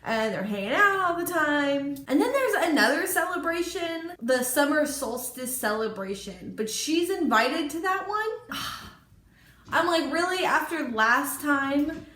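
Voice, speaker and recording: A woman chattily retelling a book in a casual vlog, animated and exclamatory, with lots of "like" as filler. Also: high voice, a little slow. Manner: chatty retelling, heavy use of "like". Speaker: book vlogger. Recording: echoey room with faint noise.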